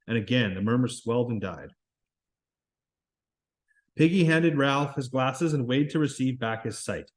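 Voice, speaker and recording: A man reading a novel aloud at a steady pace, with occasional small stumbles and restarts. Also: mid-range voice, measured pace, long pauses, rough recording. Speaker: reader.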